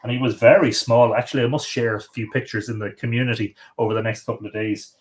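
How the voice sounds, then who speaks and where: A man's voice: medium pitch, fairly even intonation, quick pace. A middle-aged Irish man hosting a casual livestream from home, talking in a rambling, chatty way. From Ireland. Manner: rambling, chatty, coaxing his dog in a sing-song voice. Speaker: livestream host.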